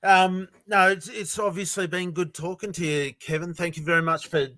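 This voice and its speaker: A man's voice: high-pitched, fairly even intonation, moderate pace, sharp tone, dry recording. An Australian man hosting a casual livestream chat, rambling and hesitant with many ums. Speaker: livestream host.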